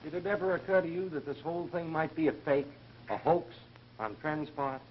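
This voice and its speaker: A man's voice: fairly high pitch, normal speed, lightly acted. An actor playing a cheeky male insurance salesman who flirts and wisecracks. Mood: flirty. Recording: 1930s film soundtrack, dull and hissy.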